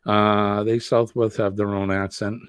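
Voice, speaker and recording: A man's voice: fairly low pitch, flat delivery, measured pace, clean tone, no room sound, clean studio sound. A man from New England with a Boston accent, hosting a live stream, chatting in a rambling way and answering viewer comments. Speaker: host.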